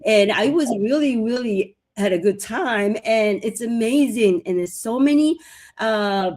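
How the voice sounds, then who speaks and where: A woman's voice: a little high, expressive, measured pace. Woman, podcast co-host, chatty, filler-heavy, casual. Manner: chatty, many fillers, warm agreement.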